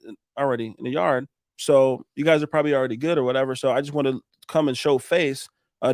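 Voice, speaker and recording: A man, a roofing contractor, telling animated stories on a podcast, acting out the dialogue and swearing now and then. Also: mid-range voice, no room sound, clean studio sound. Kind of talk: casual storytelling on a podcast.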